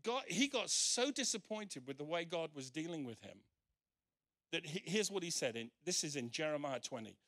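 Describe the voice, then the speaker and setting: A man's voice: a little high, sing-song, normal speed, a bit bright. A male pastor preaching emphatically at a church service, acting out the scripture quotes he reads. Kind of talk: sermon.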